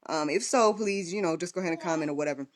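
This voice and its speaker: A woman's voice: deep voice, rapid-fire. A young woman telling a personal story in a casual livestream, chatty and full of fillers and restarts. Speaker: vlogger and podcast host.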